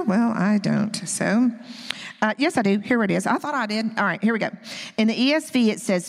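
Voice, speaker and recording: A woman's voice: mid-range voice, expressive, moderate pace. A woman in her fifties delivers a heartfelt teaching message at a women's gathering. Her tone is earnest and personal, with easy asides to the audience. Her mid-range voice rings through a large hall with a long, trailing reverb. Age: 50s. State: close to tears. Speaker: women's ministry speaker.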